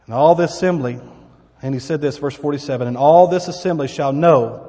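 A preacher with a high voice reads scripture with dramatic emphasis, breaking off into casual asides for his listeners. His voice rings out with a long reverb, as if filling a church hall. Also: normal speed, mellow. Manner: dramatic Bible reading with asides. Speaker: pastor. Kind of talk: sermon.

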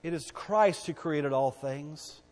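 A man preaching a sermon, emphatic, asking the congregation questions and swinging between loud declarations and hushed lines. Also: on the high side, slow. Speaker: pastor. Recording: long hall reverb.

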